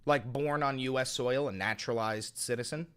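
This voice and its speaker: A man hosting a live stream, arguing with callers in a heated, profane way, swinging from calm questioning to loud outbursts. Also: mid-range voice, moderate pace, clear, resonant tone.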